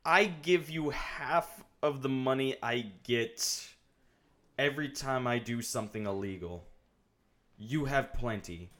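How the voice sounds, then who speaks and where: Bright-voiced joking male streamer. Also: medium pitch, slow. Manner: joking, rambling, talks to himself while playing. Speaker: game streamer. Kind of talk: casual live gameplay commentary. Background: faint game music.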